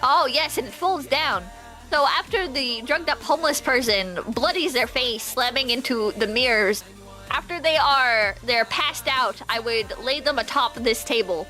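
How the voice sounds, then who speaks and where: A woman's voice: sits high, measured pace, pushed and bright, soft background music. A woman streamer in casual livestream commentary, rambling and joking with plenty of swearing. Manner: profane, rambling, jokey.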